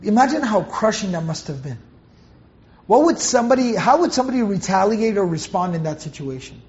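A man's voice: high voice, very animated, fairly quick, a little mellow, muffled recording. A man teaching the meaning of Quranic verses, earnest and emphatic, repeating phrases for stress.

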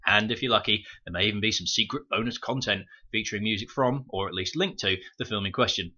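A man's voice: fairly low pitch, quick pace, pushed and bright, slightly rough. A man hosting a film podcast, reading scripted review notes with wry, sarcastic asides. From United Kingdom. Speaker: podcast host. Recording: muffled home microphone.

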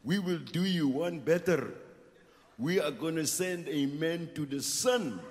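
A man quoting a sly deadpan ambassador. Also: fairly high pitch, measured pace, natural voice. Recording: live concert in a reverberant venue.

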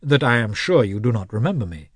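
A man's voice: medium pitch, very animated, fast talker, husky, no room sound. A man reading a polite, reserved young officer in near his own voice. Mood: courteous. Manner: courteous, a touch cool.

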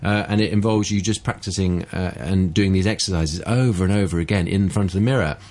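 A man's voice: low voice, a little fast, a little mellow. A man guesting on a radio show as a ventriloquist, explaining and demonstrating his technique in casual chat.

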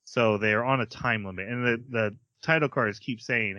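A man hosting a podcast, chatting casually as he recaps an anime episode, laughing often and quickly acting out the characters' lines. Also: medium pitch, sharp tone, no room sound, muffled recording. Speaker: podcast host.

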